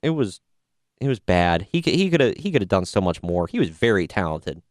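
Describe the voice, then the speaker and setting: A man talks through a casual podcast recap, tossing in sarcastic jokes. His voice is smooth and resonant, and the sound is dry and close. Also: sits low, very animated, brisk, no echo. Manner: casual, jokey, sarcastic asides. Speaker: podcast host reviewing wrestling. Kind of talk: casual review chat.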